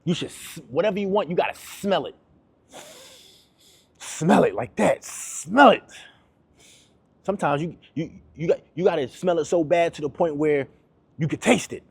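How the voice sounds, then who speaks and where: A man's voice: fairly high pitch, moderate pace, a little mellow, breathy edge, dry recording. A man giving a motivational talk to his viewers, emphatic and repetitive, in casual slang. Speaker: motivational YouTuber.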